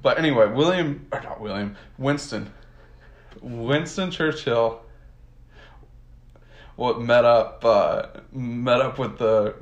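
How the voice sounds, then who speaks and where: A man's voice: medium pitch, slow, long pauses, highs cut off. Casual male host from the US, slangy and chatty, lots of fillers; roomy, echoing sound. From United States. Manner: rambling, full of "like" and laughs, slangy. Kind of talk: casual history retelling. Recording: roomy echo.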